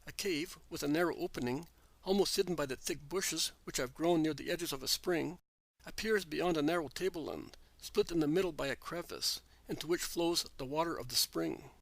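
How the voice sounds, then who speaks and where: Earnest male narrator, higher voice. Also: creaky, fairly bright tone, no echo. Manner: measured, earnest reading. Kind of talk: scripted narration of a religious text.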